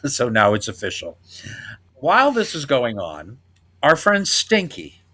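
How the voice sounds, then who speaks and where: A man's voice: mid-range voice, wildly swooping pitch, slow pace, bright, forceful tone. A man hosting a podcast, chatting casually and laughing often as he retells scenes. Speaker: podcast host. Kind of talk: casual chat.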